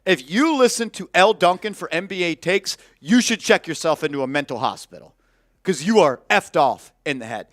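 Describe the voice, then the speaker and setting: A man's voice: a little high, lively intonation, moderate pace, fairly bright tone, no room sound, clean studio sound. A man hosting a sports talk show, ranting bluntly and heatedly, swearing as he goes. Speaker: host.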